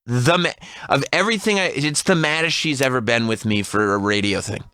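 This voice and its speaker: A man in his thirties telling a funny story on a radio talk show, animated and laughing often. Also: medium pitch, a little fast. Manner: animated, laughs often, mimics voices in quotes.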